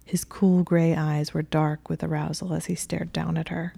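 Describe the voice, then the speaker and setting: A woman narrates a story in a soft voice that often sinks to a whisper. Her voice is low and mellow with a gravelly texture. The recording is close and dry. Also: level tone, normal speed, no room sound.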